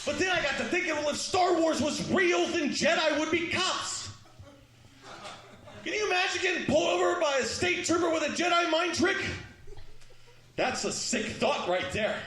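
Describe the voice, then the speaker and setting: A male comedian works through his set with a loud, punchy delivery, acting out little exchanges as he goes. His voice sits very high and sounds bright and forceful. The room around him rings with echo. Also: animated, moderate pace. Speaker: stand-up comedian.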